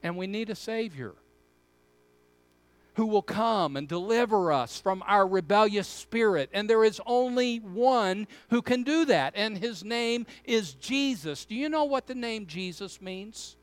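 A man's voice: high-pitched, expressive, a little slow, clean tone. A middle-aged man preaching a sermon, earnest and emphatic, repeating key words to drive his point home. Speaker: pastor.

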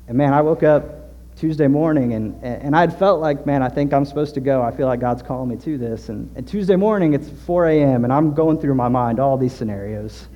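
A man from Southern Illinois preaching a sermon, telling a story and acting out the dialogue in lively voices. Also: mid-range voice, moderate pace. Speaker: pastor. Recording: dull lo-fi sound with long hall reverb.

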